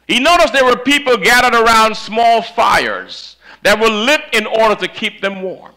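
High, lively-voiced man preaching a sermon. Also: moderate pace, few pauses, poor audio. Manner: dramatic, swings from loud to hushed. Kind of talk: sermon storytelling. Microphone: handheld or stand mic that cuts out.

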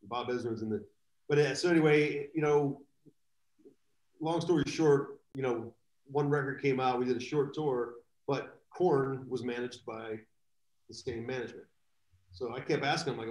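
A man telling rambling, animated anecdotes as a guest in a live video chat. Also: medium pitch, normal speed, echoey room, low-quality recording. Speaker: guest drummer. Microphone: video call.

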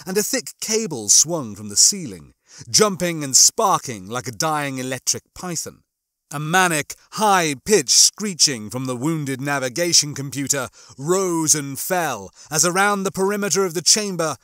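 A man's voice: fairly high pitch, dry recording, clean studio sound. Man reading a comic novel aloud. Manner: animated, chatty asides. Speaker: audiobook reader.

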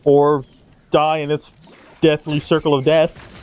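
A man's voice: a little high, monotone, measured pace, a little mellow, lo-fi sound, soft background music. A man commentating over his own video game playthrough, sarcastic and mock-dramatic, swearing casually. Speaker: gameplay commentator. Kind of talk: sarcastic let's-play commentary.

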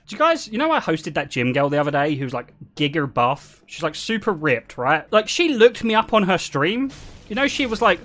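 A man's voice: on the high side, very animated, brisk, a bit bright. Crude, laughing young male streamer. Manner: crude, joking, laughs often. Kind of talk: casual stream chat.

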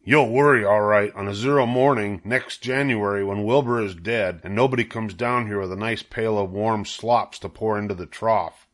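A man reading aloud and voicing a shrewd, sensible old female sheep with a calm, persuasive manner. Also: on the low side, moderate pace, few pauses, close to an everyday voice.

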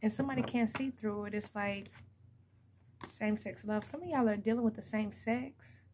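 A woman's voice: medium pitch, normal speed, a little mellow, slight background noise. A young adult woman giving a casual tarot reading to her viewers, blunt and profane, laughing often as she talks. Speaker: tarot card reader.

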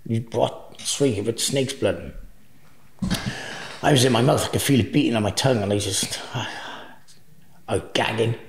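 With vocal fry and long pauses, this medium-pitched male podcast guest in his forties speaks at normal speed. He swears freely, laughs often, and spins meandering anecdotes in a relaxed storytelling interview, recorded with roomy echo.

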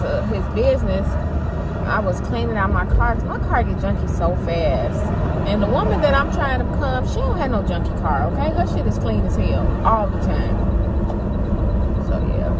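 Chatty woman vlogging in a noisy car. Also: medium pitch. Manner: candid, profane, playful voices. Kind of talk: casual car vlog.

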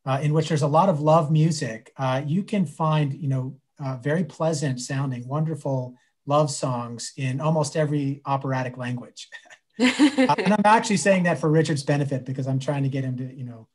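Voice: mid-range voice, moderate pace, a little mellow, husky. Hesitant moderator reading audience questions. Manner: hesitant, many fillers.

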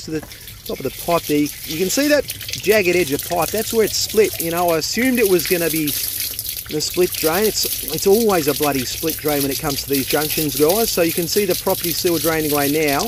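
Australian plumber vlogging on his phone, casual and jokey, a bit higher voice, faint outdoor noise. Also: brisk. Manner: chatty and jokey, swears casually. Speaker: plumber filming his job. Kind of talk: casual on-the-job vlog. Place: outdoors at a drain. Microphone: handheld phone.

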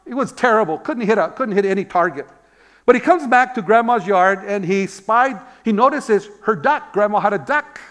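A man's voice: high voice, expressive, normal speed, a bit bright. A man preaching a sermon as pastor, telling stories, asking rhetorical questions and calling out amen. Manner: repeats words when searching for them.

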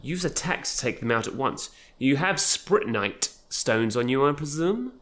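A man voicing an old male mentor warrior who lectures briskly and a little mockingly. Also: medium pitch, expressive, a bit bright.

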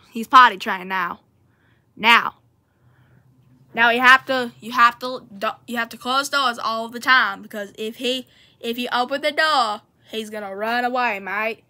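Woman voicing chatty country character, bright and a bit high, tacks "mate" onto every line. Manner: ends nearly every sentence with "mate", rambling. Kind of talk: playful home role-play video.

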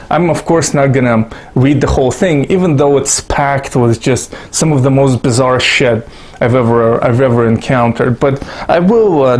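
A man's voice: mid-range voice, darkish tone. A Russian-born man giving rambling, sarcastic commentary to his YouTube audience, swearing constantly and making self-mocking asides. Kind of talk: profane casual commentary to camera.

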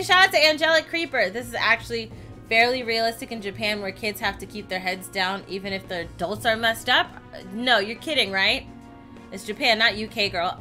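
A woman giving casual, outspoken commentary while playing a story game. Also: medium pitch. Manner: chatty, outspoken, reacting loudly to the story. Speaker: gameplay streamer. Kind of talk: casual let's-play commentary.

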